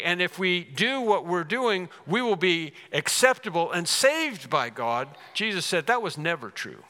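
A man's voice: fairly high pitch, pushed and bright, in a large hall. A man preaching a sermon as pastor, emphatic and repeating key words for stress. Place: church sanctuary.

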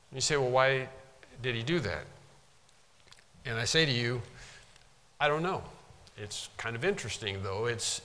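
Bright and forceful, his mid-range voice rings through a long hall reverb as he preaches. He teaches from a Bible passage, repeating himself with emphasis to underline his points.

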